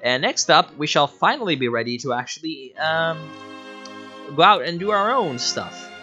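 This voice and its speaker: A man giving casual, profane, excitable commentary while livestreaming a strategy game, often laughing. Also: on the high side, normal speed. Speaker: streamer. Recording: dull lo-fi mic with faint music.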